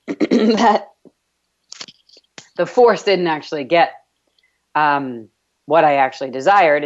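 A woman's voice: rumbling low, highs cut off. A woman from New York with a slight New York accent, hosting a motivational radio talk show and stressing points by repeating words.

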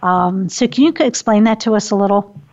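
A middle-aged woman host with a gravelly edge to her voice, heard on a dull, lo-fi recording. She asks her questions calmly and thoughtfully. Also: mid-range voice, a little fast. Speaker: interview host. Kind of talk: casual interview talk.

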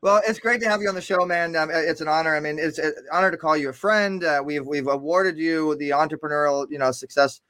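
A man's voice: a little high, steady tone, fairly quick, hardly any pauses, fairly bright tone, no echo. A man hosting a live online interview show, upbeat and chatty, often repeating words as he talks. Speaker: show host.

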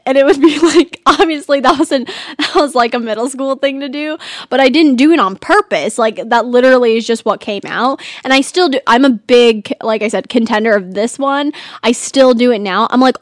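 A woman's voice: on the high side, dry recording, studio quality. A teenage girl from California hosting a casual solo chat show, bubbly and rambling with lots of giggles and "like". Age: teens. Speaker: host.

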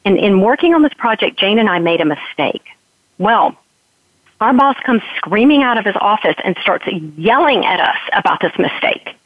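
A woman's voice: mid-range voice, lively intonation, moderate pace, no echo. A woman explaining how to handle stress in a podcast conversation, earnest and teacherly, acting out her own worried thoughts as examples. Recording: tinny phone line.

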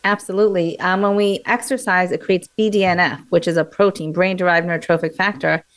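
A woman being interviewed as a memory coach, explaining in a lively, teacherly way and acting out examples. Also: lowish voice, a little fast.

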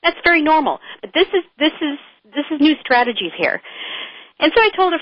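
A middle-aged woman speaks as an interview guest, frank and animated as she tells her stories. Her voice sits at an ordinary pitch. The recording is dry and a little dull. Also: normal speed, dry recording. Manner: animated storyteller, frank and chatty. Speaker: author and guest. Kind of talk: conversational interview.

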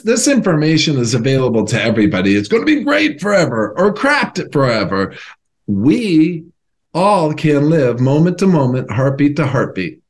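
A man, a former professional athlete, earnestly telling a personal story as a podcast guest, halting at times and acting out remembered conversations. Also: mid-range voice, darkish tone. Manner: earnest, halting, acts out remembered phone calls.

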